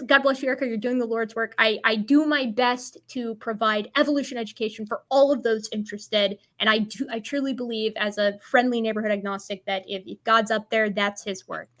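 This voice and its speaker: Woman, livestream host, casual chat, playful, chuckling asides, slightly high voice. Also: a bit bright.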